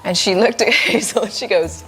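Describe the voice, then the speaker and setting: A woman who is a talk show guest, telling funny stories in a lively way and slipping into other people's voices. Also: medium pitch, normal speed, music in the background, rough recording. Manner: animated storyteller, slips into voices of others. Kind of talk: casual anecdote-telling.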